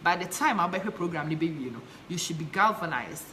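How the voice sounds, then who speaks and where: A woman's voice: lowish voice, animated, fairly quick, bright, forceful tone, a little hiss or hum. A woman from Ghana with a Ghanaian accent, passionately hosting a live stream, chatting and reading out viewer comments while mixing English and Twi. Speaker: live show host.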